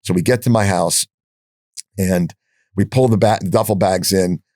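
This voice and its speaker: An older man with a fairly low voice tells his stories bluntly, swearing freely and putting on the voices of the people he quotes. The sound is dry and close, with no room around it. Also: normal speed, no room sound. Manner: animated storyteller, acts out quoted dialogue; profane, blunt. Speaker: podcast guest. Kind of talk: storytelling in an interview.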